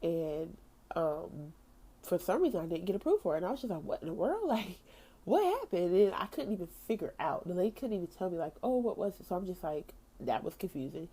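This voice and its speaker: A woman's voice: fairly low pitch, expressive, fast, dark tone, slightly rough. A young woman hosting a faith podcast, talking casually and acting out her own past thoughts as she tells the story. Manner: casual, slangy, with frequent "like" and laughs. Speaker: podcast host.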